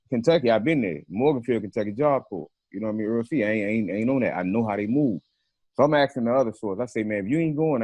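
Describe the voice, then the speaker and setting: A man's voice: on the low side, a little mellow, husky, no room sound. A man being interviewed, telling a story in a casual, profane way and acting out the phone calls he quotes. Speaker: interview guest.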